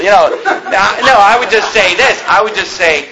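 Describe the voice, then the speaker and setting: A man preaching a sermon as pastor, emphatic and fervent, rising to shouts at points. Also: sits high, moderate pace, a crowd in the background, rough recording.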